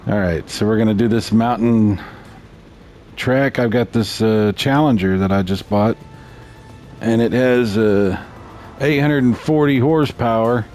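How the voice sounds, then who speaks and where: A man's voice: on the low side, measured pace, faint music behind. Chatty man narrating his racing game. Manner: chatty, relaxed, self-mocking asides. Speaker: gaming channel host. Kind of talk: casual let's-play commentary.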